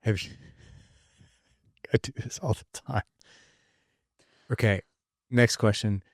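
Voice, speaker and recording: A man's voice: fairly low pitch, steady tone, slow, vocal fry, no room sound, studio quality. A middle-aged man hosting a casual father-son podcast, rambling and often correcting himself as he talks.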